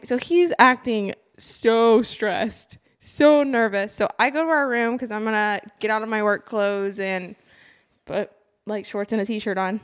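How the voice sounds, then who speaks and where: A young woman co-hosting a casual chat, animated and laughing often as she tells a story. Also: mid-range voice, measured pace, clear, resonant tone. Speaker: podcast co-host.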